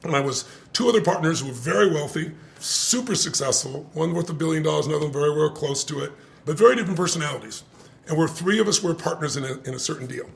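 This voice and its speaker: An older man telling a story in conversation, animated, swearing casually and laughing often. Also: a little high, quick pace, vocal fry.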